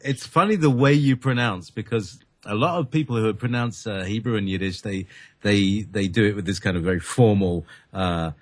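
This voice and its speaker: A man's voice: on the low side, normal speed, no room sound, clean studio sound. A man from Britain, a guest on a radio talk show, speaking hesitantly with many fillers.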